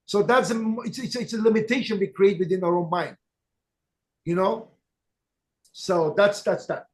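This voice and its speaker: A man with a notably high voice speaks about sales in an emphatic, direct way. He drives home his points by repeating them, like a network marketing leader telling stories from the field. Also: fairly even intonation, normal speed, a little mellow. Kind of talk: motivational storytelling talk.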